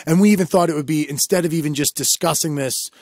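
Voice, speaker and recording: A man co-hosting a casual podcast, telling rambling, animated stories with lots of restarts. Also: fairly high pitch, fast talker, dry recording, clean studio sound. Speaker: podcast co-host. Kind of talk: casual chat.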